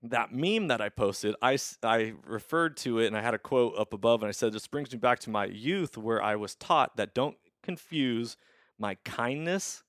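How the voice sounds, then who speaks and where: A man's voice: medium pitch, normal speed, fairly bright tone, dry recording, clean studio sound. A man hosting a podcast conversation over a video call, talking in a reflective, emphatic way and often restarting his sentences. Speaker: podcast host. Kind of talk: casual conversation.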